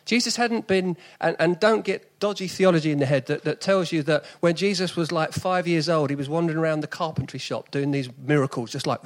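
Man, forties, South East London accent, preacher, earnest chatty sermon, fairly high voice, builds to emphatic peaks. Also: a little fast, hardly any pauses. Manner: earnest and conversational, with sudden emphatic rises.

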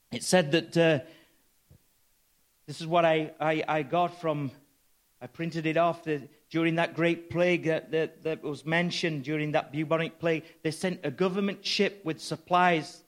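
Male preacher, slightly high voice, storytelling sermon with loud excited peaks. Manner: storytelling, rising to loud excited bursts with laughter.

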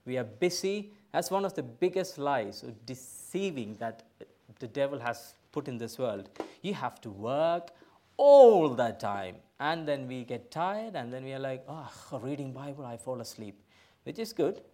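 Man, middle-aged, pastor, church sermon, emphatic, loud bursts then soft asides. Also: mid-range voice, big pitch swings, a little slow.

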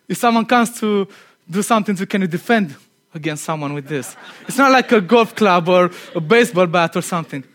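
A man preaching a conversational sermon. He is earnest and chatty, laughs at himself, and drops to a quiet tone for emphasis. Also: high voice, expressive, normal speed.

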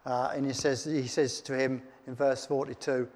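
A man's voice: mid-range voice, little pitch movement, normal speed, darkish tone. Guy preaching, reads scripture then chats about it, big reverby hall. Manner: reads scripture aloud then comments in plain chat. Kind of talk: sermon.

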